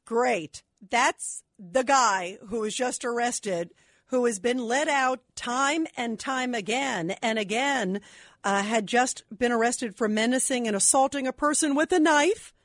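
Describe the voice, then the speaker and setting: A woman's voice: a little high, a little slow, dry recording, studio quality. A woman hosting a talk radio show, indignant and emphatic as she takes calls. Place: radio studio.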